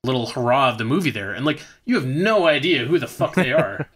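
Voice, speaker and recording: A man's voice: mid-range voice, animated, brisk, a bit bright. A man co-hosting a podcast, recapping a bad movie in rambling, profane, sarcastic casual chat.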